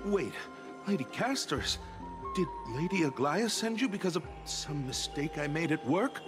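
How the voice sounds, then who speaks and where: A man's voice: a little high, lively intonation, measured pace. A flustered, busy young man. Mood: harried. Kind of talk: game character dialogue. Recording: game audio with clear music under.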